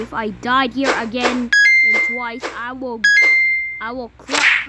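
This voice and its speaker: A woman giving casual commentary while playing a mobile game, complaining loudly at it with sudden yelps. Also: sits high, slow, heavy background noise. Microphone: phone microphone during screen recording.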